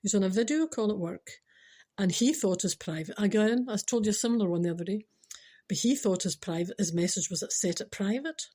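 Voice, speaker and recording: Scottish woman, podcast host, breathy mid-pitched voice, chatty storyteller who repeats herself and chuckles at her own stories. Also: lively intonation, brisk, warm tone. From Scotland. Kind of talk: chatty comic storytelling monologue.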